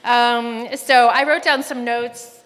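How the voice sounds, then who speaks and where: Fighting back tears, the groom's mother, a middle-aged woman, rambles emotionally through a wedding speech that includes a family story. Her voice is a little high and fairly bright, with fairly even intonation and a slow pace. Long hall reverb fills the wedding reception hall.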